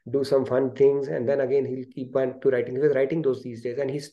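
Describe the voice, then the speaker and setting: A man with an Indian English accent tells a story to a group on a video call. His voice is mellow and warm, and he acts out the quoted lines with animation. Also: mid-range voice, level tone, fast, dull audio. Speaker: host of an online spiritual study session.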